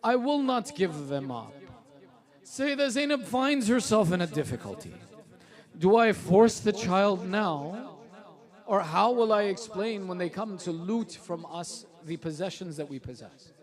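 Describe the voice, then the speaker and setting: A man's voice: high-pitched, lively intonation, measured pace. A male preacher reciting a mournful, elegiac sermon that swells into impassioned cries.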